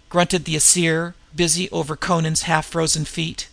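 A man narrating an adventure story in a measured, vivid audiobook style. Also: fairly high pitch, little pitch movement, creaky, a bit bright, dry recording.

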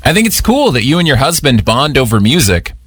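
A man's voice: medium pitch, big pitch swings, brisk, a bit bright, a little hiss or hum. A man hosting a call-in radio show, chatting with a caller in a playful, self-deprecating way. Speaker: radio host.

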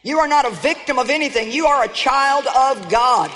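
A woman's voice: high-pitched, animated, moderate pace, noisy background. A woman preaches with emphatic, rallying delivery, calling out to her congregation. Her voice rings through a large hall with a long reverb trail. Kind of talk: sermon.

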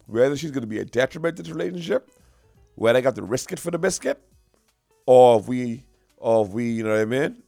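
Gravelly stand-up comic. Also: male voice, mid-range voice, fast, no room sound, clean studio sound, soft background music. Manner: animated, repetitive, slangy storytelling. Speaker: stand-up comedian. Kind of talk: stand-up comedy routine.

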